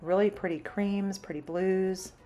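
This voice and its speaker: A medium-pitched, dark-toned voice with fairly even intonation belongs to a shopping vlogger who speaks a little slowly. Over soft background music, she strolls through a large home improvement store, chatting casually and listing prices as she browses.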